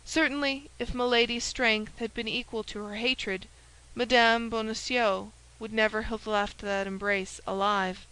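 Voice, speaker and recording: A woman reading a classic novel aloud as an audiobook narrator, in a clear and measured way. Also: on the high side, fairly even intonation, bright, forceful tone, poor audio. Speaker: audiobook reader. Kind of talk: scripted narration.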